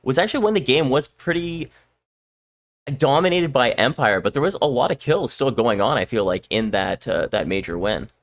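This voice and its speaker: A man from Canada hosting a podcast in casual chat, animated, acting out quoted lines and laughing often. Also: medium pitch, moderate pace. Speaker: podcast host.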